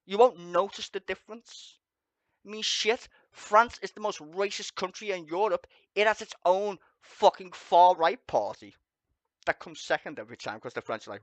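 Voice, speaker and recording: A man rants on his livestream in a mocking, foul-mouthed way, often laughing at his own jokes. His voice sits a bit high and swings widely in pitch. The sound is dry and close. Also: lively intonation, moderate pace, no room sound. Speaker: livestream host. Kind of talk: profane sarcastic ranting commentary.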